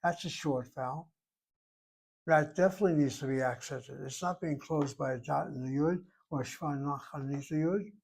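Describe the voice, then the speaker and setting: A man's voice: a little high, moderate pace, vocal fry, a little mellow, slightly rough. Methodical man teaching a grammar lesson. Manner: methodical, talks himself through each step. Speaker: Hebrew teacher.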